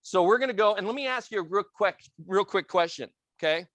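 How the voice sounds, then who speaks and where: An intense, passionate man runs a training session, quizzing his class and slipping into quick voices for customers he quotes. His voice sits high and sounds bright and cutting, with a close, dry sound. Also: no echo. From Italian family background. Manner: intense, passionate, asks the room questions. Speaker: real estate trainer.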